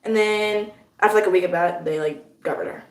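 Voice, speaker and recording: A woman's voice: lowish voice, fast talker, creaky, echoey room. A young woman, the mother's daughter, telling a rambling story full of fillers. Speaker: guest, the host's daughter. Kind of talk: casual storytelling.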